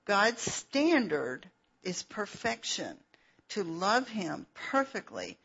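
Woman preacher, slow and earnest, husky voice, lo-fi dull recording. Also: medium pitch, sing-song, fairly bright tone. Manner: unhurried, explains verses with asides and fillers. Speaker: Bible teacher. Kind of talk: slow, earnest sermon with scripture reading.

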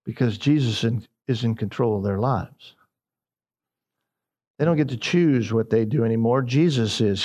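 A man preaching a sermon in an expressive way, dropping his voice low and slow for emphasis. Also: lo-fi sound.

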